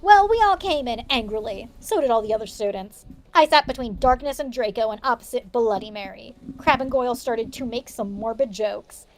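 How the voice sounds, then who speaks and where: A woman's voice: fairly high pitch, animated, normal speed. A woman co-hosting a stream, reading a fanfic aloud with big mock-dramatic voices and laughing asides.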